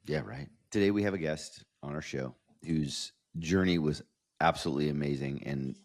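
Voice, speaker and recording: A man with a very low, deep voice hosts a casual podcast interview. He talks with gushing enthusiasm, often stumbling and restarting his phrases as he goes. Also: expressive, moderate pace, gravelly. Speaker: podcast host.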